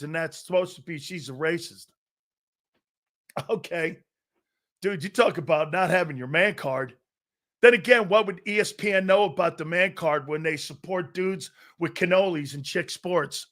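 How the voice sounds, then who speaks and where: A brash male sports talk host with a notably high voice for a man. He rants in a mocking, profane way, shooting down callers and rivals. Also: sharp tone. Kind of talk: casual sports talk rant.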